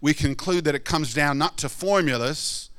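A man preaching a sermon in a conversational, animated way, often acting out what people say. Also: normal speed. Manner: conversational, animated, acts out quoted people in high voices. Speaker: pastor.

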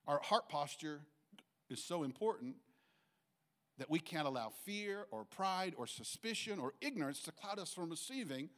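A middle-aged man delivers a sermon as if he were chatting with the room. His voice sits somewhat high for a man. He restarts his sentences often and acts out little quotes to make his points. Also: fairly bright tone. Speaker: pastor.

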